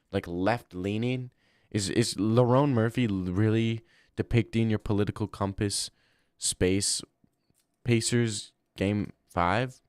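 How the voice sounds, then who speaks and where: A man's voice: fairly low pitch, dry recording, studio quality. A man in his thirties streaming, chatting casually and answering chat with crude slangy banter. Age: 30s. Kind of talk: casual livestream chat reading.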